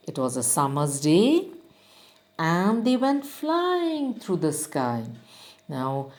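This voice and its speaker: A woman teacher reads a children's rhyme aloud and then talks it through, line by line. She speaks very slowly and with a lively, sing-song rise and fall, pausing to explain each word for little pupils. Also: fairly low pitch. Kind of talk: reciting and explaining a children's poem.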